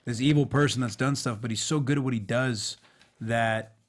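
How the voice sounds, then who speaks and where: A man, a guest actor on a fan talk show, chatting casually and telling animated stories with playful impressions. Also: medium pitch, moderate pace. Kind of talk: casual chat.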